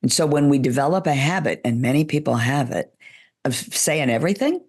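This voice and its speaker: A woman who coaches public speaking, giving measured, deliberate advice in an interview and demonstrating pitch shifts as she talks. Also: expressive, breathy edge.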